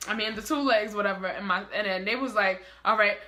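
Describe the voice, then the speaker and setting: A young woman telling a story in a casual vlog, animated and heavy on swearing. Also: medium pitch, quick pace. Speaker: vlogger.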